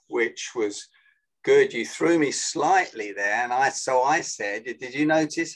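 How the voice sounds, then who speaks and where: A man, a guest on a video call interview, explaining with animated energy and acting out phone greetings. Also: medium pitch, slow, poor audio. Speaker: guest, sales and influence trainer.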